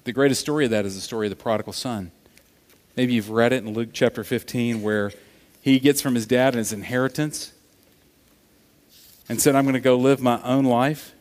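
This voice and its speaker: A man preaching a sermon, telling stories in an animated way that swings from loud to hushed. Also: medium pitch, moderate pace, pauses often. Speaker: pastor. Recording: long reverb of a large hall.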